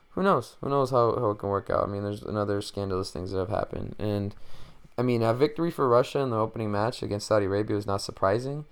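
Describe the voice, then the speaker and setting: A man's voice: on the low side, fast talker, smooth. A man hosting a podcast, chatting casually and rambling with lots of fillers and jokes. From Mexican-American. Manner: rambling, filler-heavy, joking. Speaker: podcast host. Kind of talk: casual solo chat.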